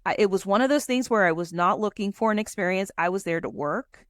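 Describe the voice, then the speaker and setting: A woman guest on a podcast, telling a story in an animated, chatty way. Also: mid-range voice, fast, no room sound, clean studio sound.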